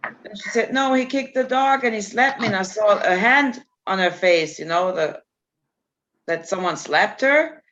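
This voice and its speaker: A woman's voice: medium pitch, lively intonation, measured pace, fairly bright tone. A woman in casual chat, telling a story bluntly and animatedly, laughing and swearing freely. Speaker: storyteller guest. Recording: dull lo-fi recording with faint hiss.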